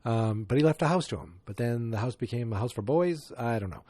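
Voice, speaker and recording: A man's voice: mid-range voice, expressive, fairly quick, dark tone, breathy edge, no echo. A man hosting a casual movie review podcast, talking in a loose, rambling way with lots of fillers and restarts. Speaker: podcast host.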